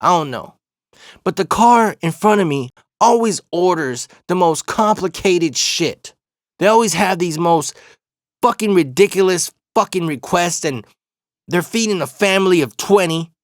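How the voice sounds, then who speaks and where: A man's voice: high voice, lively intonation, measured pace, no room sound, studio quality. A man in his forties hosting a podcast, telling stories in a laid-back, rambling way full of profanity. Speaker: podcast host. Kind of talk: casual storytelling monologue.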